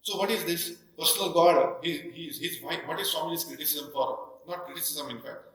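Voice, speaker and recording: Monk lecturing in an echoey hall. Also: male voice, a little high, brisk, fairly bright tone. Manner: earnest, explains and rephrases at length. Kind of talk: spiritual lecture.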